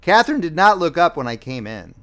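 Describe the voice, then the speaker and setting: A man reading a novel aloud as an audiobook narrator, in a plain, measured first-person style. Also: fairly high pitch, big pitch swings, a bit bright.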